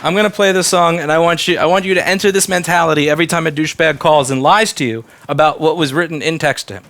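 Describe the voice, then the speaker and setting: A man's voice: fairly high pitch, fairly even intonation, fast talker, creaky, a bit bright. A man running a repair shop, giving blunt, profane instructions to his staff in casual workplace talk.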